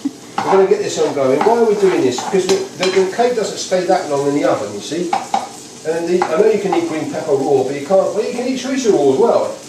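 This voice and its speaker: A man's voice: fairly high pitch, expressive, fast. A British man hosting a casual cooking demonstration in a home kitchen, rambling and chatty with many restarts. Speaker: cooking video host. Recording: echoey kitchen, faint noise.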